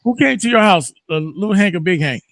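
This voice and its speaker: Animated profane man telling a story. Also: sits high, a little fast, dry recording. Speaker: morning show host. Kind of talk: casual chat.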